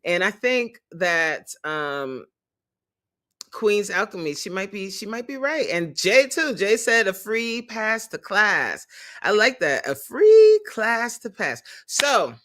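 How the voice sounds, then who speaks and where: A fitness coach hosting a casual livestream, animated and openly emotional, laughing often and greeting viewers in the chat by name. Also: mid-range voice, slow pace.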